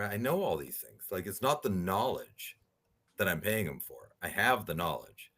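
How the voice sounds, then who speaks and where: A very deep-voiced man telling his stories as a guest on an interview podcast. He speaks in an animated way and keeps tagging his points with a quick "right?". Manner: animated storyteller, rhetorical "right?" tags. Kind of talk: storytelling interview talk.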